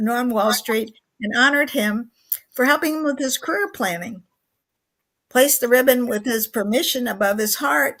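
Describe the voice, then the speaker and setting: A woman's voice: on the high side, fairly bright tone. A woman in her eighties, a guest on a talk show, telling a story earnestly and vividly. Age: 80s. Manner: earnest, vivid storyteller who acts out quoted lines.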